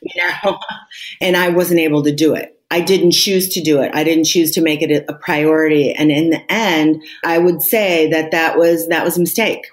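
Low-voiced woman, candid podcast guest. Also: steady tone, moderate pace. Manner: candid, reflective, emphatic. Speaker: interview guest. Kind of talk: podcast conversation.

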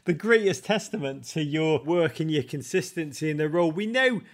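High-voiced enthusiastic male host. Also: animated, moderate pace. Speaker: podcast host. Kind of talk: interview questions.

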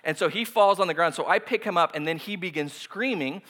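A man in his thirties gives a relaxed sermon in a high, lively register. His tone is bright and forceful, and he keeps cracking self-deprecating jokes and chuckling as he preaches. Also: a little fast. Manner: joking, self-deprecating, laughs often. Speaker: pastor. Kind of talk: casual humorous sermon.

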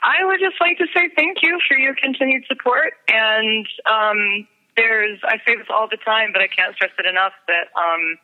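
A woman's voice: a little high, normal speed, narrow, tinny audio. A woman musician talking in a casual interview, earnest and self-mocking, with lots of hesitations. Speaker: musician guest.

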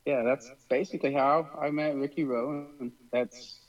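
A man's voice: mid-range voice, steady tone, moderate pace. A laid-back Mexican-American man talks through an interview in a loose, rambling way, full of fillers. He sounds a little far from the mic, and the sound is dull, like a radio broadcast. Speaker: professional baseball player, guest. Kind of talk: casual interview chat.

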